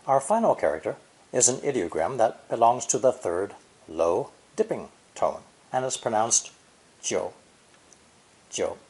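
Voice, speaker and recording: A man gives a scripted language lesson, his pitch rising and falling in a lively way as he explains. He speaks in a measured, deliberate way and models each sound as he goes. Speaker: language teacher.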